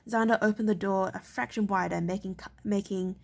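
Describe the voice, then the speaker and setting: Gravelly woman reading a novel aloud. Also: mid-range voice, steady tone. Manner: halting, often stumbling and restarting words. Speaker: reader.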